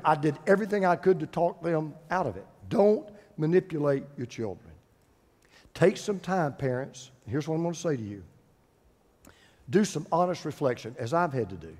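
A man's voice: on the high side, expressive, normal speed, darkish tone. An older man preaching a sermon as pastor, emphatic, repeating phrases for stress. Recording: long hall reverb.

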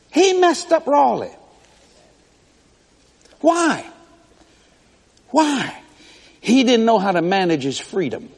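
Lively high-voiced preacher, husky. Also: male voice. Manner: animated storytelling preaching with laughs. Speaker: pastor. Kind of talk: sermon. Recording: echoey hall.

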